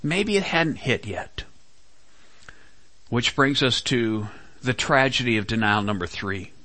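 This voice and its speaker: A male pastor delivers a sermon at an unhurried, deliberate pace. His voice is bright and forceful, and the sound is dry and close, with little room echo. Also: mid-range voice, expressive. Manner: slow, dramatic delivery with quoted dialogue.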